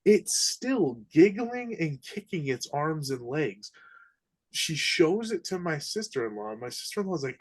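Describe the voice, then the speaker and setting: Animated man telling eerie stories. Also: a little high, a little slow, dry recording. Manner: animated, breathless retelling of eerie events, casual slang. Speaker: podcast guest. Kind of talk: casual storytelling.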